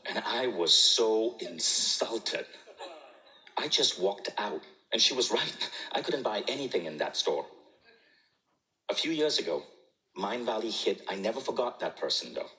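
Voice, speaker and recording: A man in his forties with a lowish voice speaks on stage to a live audience. He tells stories with animation, often chuckling. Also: animated, a little slow, pushed and bright, low-quality recording. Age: 40s. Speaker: keynote speaker. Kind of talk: storytelling talk on stage.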